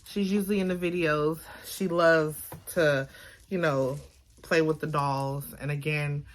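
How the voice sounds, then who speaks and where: A woman's voice: deep voice, fairly even intonation, unhurried. A woman from Baltimore with a Baltimore accent, chatting casually to her phone camera at home, rambling with lots of fillers. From Baltimore, Maryland. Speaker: vlogger. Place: home, indoors.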